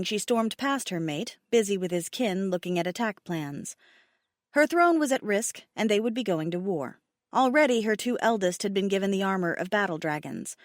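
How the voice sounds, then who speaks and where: A woman reading a fantasy romance audiobook with expressive storytelling narration. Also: medium pitch, no room sound, studio quality. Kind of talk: scripted narration.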